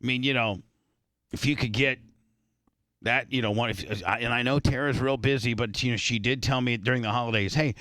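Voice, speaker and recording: A man's voice: medium pitch, brisk, pushed and bright, no room sound. Profane, rambling male radio host. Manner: profane, rambling, stammers through restarts. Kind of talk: casual studio banter.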